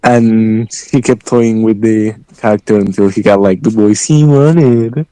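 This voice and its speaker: A man who creates a game, chatting casually, relaxed and explaining at length with casual swearing. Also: lowish voice, measured pace, clean tone, no echo, poor audio. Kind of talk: casual chat in a voice chat.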